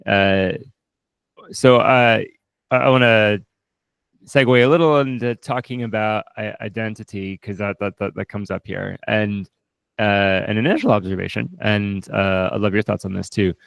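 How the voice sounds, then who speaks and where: A low-voiced man with a gravelly edge talks through a film in a relaxed, reflective way. He keeps restarting his sentences as he thinks aloud. The sound is dry and close. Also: moderate pace, no room sound. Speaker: co-host, film reviewer. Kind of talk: casual film discussion.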